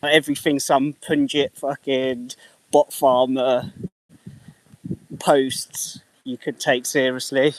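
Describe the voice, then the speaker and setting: English guy in his thirties, mid-pitched voice, easygoing streamer patter with casual swearing. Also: little pitch movement, slow, dry recording. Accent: English, slightly mixed. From England. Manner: swears casually, chats to viewers by name. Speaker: livestreamer. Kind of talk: casual live-stream chat.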